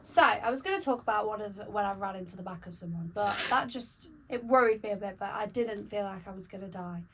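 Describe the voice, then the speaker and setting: A young woman co-hosting a podcast, telling stories in casual chat in an animated, teasing way. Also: medium pitch, fast, a little hiss or hum, poor audio. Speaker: podcast co-host.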